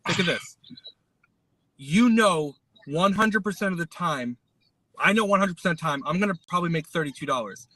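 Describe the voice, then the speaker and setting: A man's voice: high-pitched, lively intonation, normal speed, bright, forceful tone, no room sound, low-quality recording. A man who works as a delivery driver, chatting casually while he drives, thinking aloud with plenty of fillers. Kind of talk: casual chat while driving.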